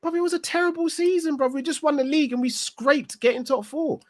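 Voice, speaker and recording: A man's voice: very high-pitched, fairly even intonation, fairly quick. A man arguing bluntly and insistently in a casual fan call-in debate. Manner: blunt, insistent, repeats "bruv". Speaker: pundit in a fan call-in show.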